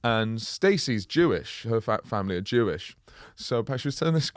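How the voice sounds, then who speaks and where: A man chats on a comedy podcast, slurring his words together a little and laughing a lot. His pitch rises and falls widely. The sound is close and dry, with no room echo. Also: expressive, moderate pace. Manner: self-described mumbler, laughs often. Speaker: podcast co-host. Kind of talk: casual comedic chat.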